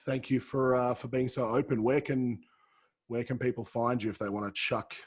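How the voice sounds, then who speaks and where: A man with an Australian accent hosting a podcast, effusive and quick to laugh, often repeating himself as he talks. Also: medium pitch, flat delivery, slightly rough. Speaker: podcast host. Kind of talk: casual interview chat.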